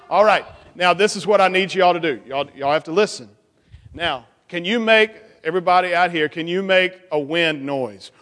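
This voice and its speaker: A high-voiced man leads a children's sermon, coaxing and playful as he directs the kids. His voice rings with the long reverb of a church sanctuary. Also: normal speed, a bit bright.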